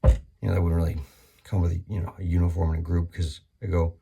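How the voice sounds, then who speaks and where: A man doing a rambling, profane comedy monologue, full of restarts and sudden high-pitched bursts. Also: level tone, fast, vocal fry, mellow, husky.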